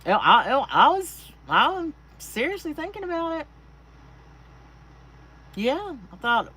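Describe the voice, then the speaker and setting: A woman's voice: high-pitched, sing-song, slow, long pauses, sharp tone, low-quality recording. A middle-aged woman from Texas with a Southern accent, chatting casually with livestream viewers and greeting them by name. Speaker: craft livestream host. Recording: faint air conditioner hum.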